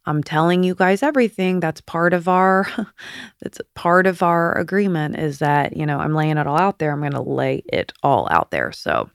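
A woman in her fifties hosting a podcast, chatty and confiding, with a slight lisp on her S sounds and soft whispered asides. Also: low voice, expressive, normal speed, vocal fry, clean tone, no echo, clean studio sound. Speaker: podcast host. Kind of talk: candid personal monologue.

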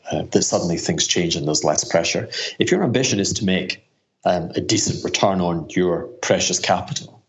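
Very low-voiced rambling man. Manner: rambling, many restarts and fillers. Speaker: guest investor. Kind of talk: casual interview chat.

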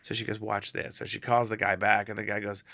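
A middle-aged celebrity photographer, appearing as a guest, tells casual anecdotes in a lowish, brisk voice and animatedly performs the voices of the people in them. The recording is dry with no room sound.

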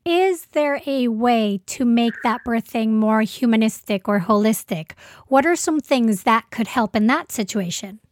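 A woman hosting an interview, responding with encouragement and asking clear questions. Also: a little high, lively intonation, a little slow, a little hiss or hum. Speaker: podcast host.

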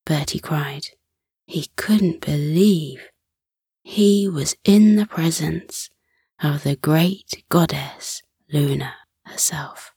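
A woman tells a children's bedtime story in a low, breathy half-whisper. She reads slowly and soothingly, close and dry against the mic. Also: a little mellow, no room sound.

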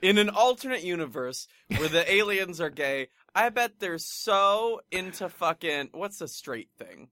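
A man's voice: sits high, animated, measured pace, bright, forceful tone, no room sound. A young man in casual comedic podcast chat, campy, brash and profane, talking on a close studio mic. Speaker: podcast co-host.

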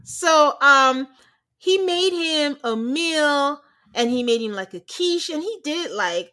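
An American woman co-hosting a casual chat, recapping a reality show in an animated way and acting out quotes. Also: sits high, measured pace. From United States. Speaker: podcast co-host.

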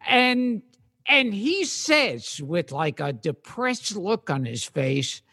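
A man hosting a casual chat, recalling stories in a halting, stammering way. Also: high-pitched, very animated, pushed and bright, husky. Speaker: host.

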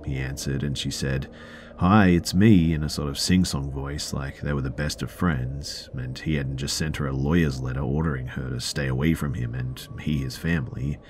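A man hosting a podcast, reading a listener's first-person story aloud in a measured storytelling way with the odd filler. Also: rumbling low, darkish tone, a little hiss or hum. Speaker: podcast host.

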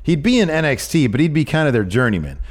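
Animated man pitching ideas, lively pitch. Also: quick pace. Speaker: podcast co-host. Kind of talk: casual chat.

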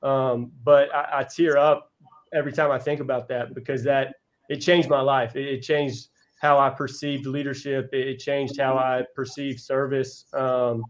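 An earnest man coaching college basketball tells heartfelt stories on a podcast. His voice sits at an ordinary middle pitch. He restarts his sentences often as he speaks from the heart. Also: level tone, moderate pace, low-quality recording. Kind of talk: casual interview storytelling.

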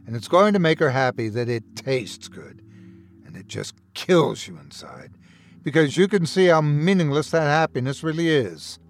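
Narrator plays a sinister male doctor: slow, quiet, mocking, pitch that leaps around. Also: sing-song. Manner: taunting, slow and hushed.

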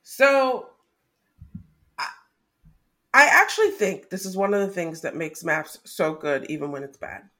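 A woman's voice: fairly low pitch, big pitch swings, a little slow, pauses often, bright, forceful tone. A woman co-hosting a podcast, talking things through in a casual, analytical way with some hesitant fillers. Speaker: podcast co-host. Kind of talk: casual recap chat.

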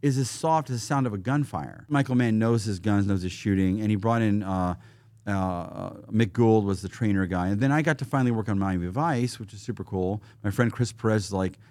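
A man's voice: lowish voice, fairly quick, no room sound. A man talking as a podcast guest, telling casual stories with lots of acted-out quotes and gun sounds. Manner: animated, acts out quotes and gun sounds, restarts often. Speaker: podcast guest, firearms trainer. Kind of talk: casual storytelling.

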